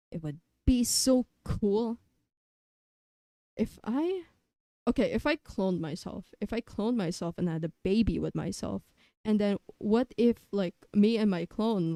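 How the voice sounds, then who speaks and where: A young woman live-streaming who rambles chaotically, swears a lot and argues with herself in quick back-and-forth. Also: mid-range voice, dark tone, dry recording, clean studio sound. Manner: jumps between silly sounds, jokes and random tangents. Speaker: variety streamer.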